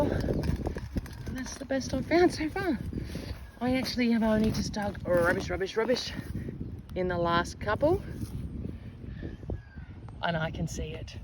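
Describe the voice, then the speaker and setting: A woman giving chatty, excitable commentary to viewers while metal detecting outdoors in a park. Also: fairly low pitch. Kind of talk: casual commentary to camera. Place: outdoors in a park under trees. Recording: outdoor recording with clear wind and ambient noise.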